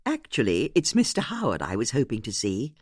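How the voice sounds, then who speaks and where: A narrator voicing a bold older woman amateur sleuth who bluffs brightly when caught out. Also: mid-range voice, huge pitch swings, brisk, husky, no room sound, studio quality.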